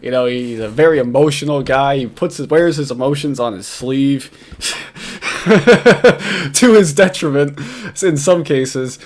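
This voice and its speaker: A man with a New York accent and a medium-pitched voice speaks a little slowly through a casual reaction commentary. He rambles between points, swears freely, and keeps bursting into laughter while mocking what he's watching.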